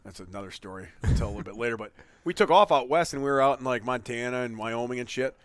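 A man's voice: mid-range voice, quick pace, dry recording. A man chatting casually as a podcast co-host, rambling and swearing freely. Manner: rambling, profane. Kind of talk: casual chat.

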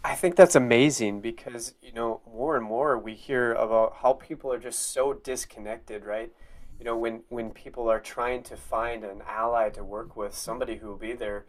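Male co-host, mid-pitched, affirming and enthusiastic, conversational questions. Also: fairly even intonation, normal speed. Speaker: podcast co-host. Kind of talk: interview questions and commentary.

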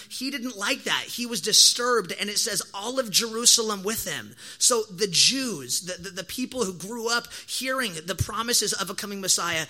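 A young man preaching a casual sermon, telling stories in slangy, animated speech with lively quoted asides. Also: high-pitched, normal speed, hardly any pauses. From Oregon, USA. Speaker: pastor.

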